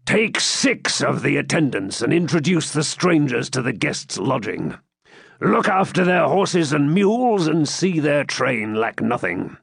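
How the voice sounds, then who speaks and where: A man's voice: a little high, very animated, a little slow, vocal fry, a bit bright, breathy edge, dry recording, clean studio sound, exaggerated voice. A man voicing a proud, bitter old Saxon lord who speaks with indignant declamation in an audiobook reading. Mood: commanding.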